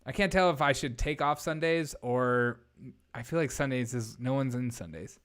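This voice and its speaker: A young man chats loosely on a live stream, talking bluntly and reading viewer comments aloud as he goes. His voice is smooth and clear, at an everyday middle pitch. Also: moderate pace, a bit bright. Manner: blunt, rambling, reads chat aloud. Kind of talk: casual live-stream chat.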